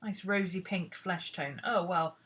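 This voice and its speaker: In a casual painting tutorial, a British art teacher speaks at a measured pace in a lowish, fairly bright voice. She rambles and chats, talking to herself as she searches while working.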